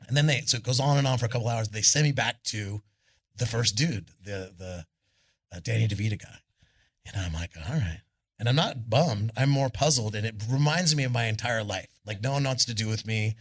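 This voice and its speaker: Rock singer, husky man, animated storyteller, swears freely, does the voices. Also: mid-range voice, fast talker. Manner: animated, swearing, acts out the people in his story. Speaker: guest musician. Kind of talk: live on-stage storytelling. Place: live club stage before an audience.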